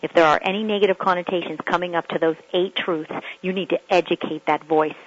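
Motivational woman coach, earnest and questioning, slightly breathy tone over a muffled radio recording. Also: on the low side, steady tone, fast. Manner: earnest, repeats rhetorical questions. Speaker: personal coach. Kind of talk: motivational teaching talk.

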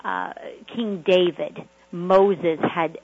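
A woman with a lowish, husky voice preaches a motivational sermon to people on a call. She presses her points with repetition and rhetorical questions. The sound is dull and lo-fi, like audio carried over a conference line. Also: fairly even intonation, very slow. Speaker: prosperity preacher.

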